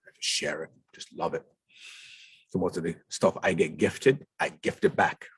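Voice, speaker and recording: A man's voice: low-pitched, animated, moderate pace, husky, no room sound. A man speaking as a guest in a lounge, talking emphatically and repeating words for stress. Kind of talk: conversational talk.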